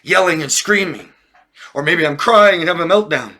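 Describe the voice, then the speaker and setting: Bright-voiced male coach, animated. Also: fairly high pitch, normal speed. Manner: animated, acts out friends in raised mocking voices; frequent laughs and checks like "yeah?" and "right?". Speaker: relationship coach. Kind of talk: casual talk to viewers.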